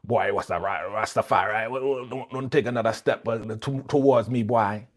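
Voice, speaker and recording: A man doing a comic impression of a defiant, jailed male uncle with a put-on Jamaican accent, low and growling. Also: normal speed, natural voice. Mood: threatening. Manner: growling, threatening, mocking impression. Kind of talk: comic impression in a reaction stream.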